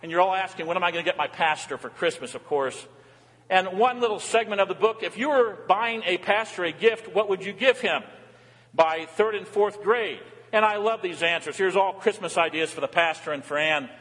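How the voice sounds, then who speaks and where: An older man preaches from the pulpit with a fairly high voice that swings between hushed, intimate lows and excited peaks. His words ring out with a long church reverb behind them. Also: brisk. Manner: warm, animated preaching with dramatic drops and rises. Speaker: pastor. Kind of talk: sermon. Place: large church sanctuary.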